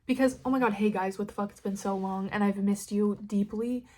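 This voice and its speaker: A woman's voice: mid-range voice, steady tone, fairly quick. A young woman from California with a Californian American accent, hosting a casual solo podcast and rambling candidly with plenty of swearing. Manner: rambling, candid, sweary, dramatic swings in loudness. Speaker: podcast host.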